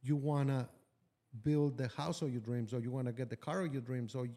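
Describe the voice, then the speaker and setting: A man with a dark, mellow voice speaks as a guest in a casual podcast chat. He is blunt and swears freely, and he tells his stories with animated energy. His pitch sits at a middle level for a man. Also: brisk. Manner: blunt and profane, animated storytelling. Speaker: business owner guest.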